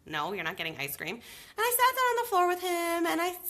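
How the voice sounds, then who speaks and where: A woman's voice: extremely high pitch, fairly quick. A woman in her thirties, a baby sleep coach, giving emphatic advice to viewers in a live video question-and-answer. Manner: emphatic, animated advice with lots of "okay?".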